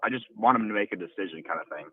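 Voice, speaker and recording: A man's voice: fairly low pitch, rapid-fire, husky. A man calling in to a sports radio show for the first time, speaking hesitantly and stumbling over his words. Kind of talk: casual radio phone call. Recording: dull lo-fi phone line.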